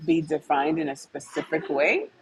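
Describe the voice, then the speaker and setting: A woman's voice: low-pitched, expressive, moderate pace, slightly rough, rough recording. A woman co-hosting a podcast, talking at length in a rambling, chatty way with restarts, who teaches a university class. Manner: talkative, rambling with restarts and laughs. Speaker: co-host; university instructor. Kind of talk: casual podcast conversation.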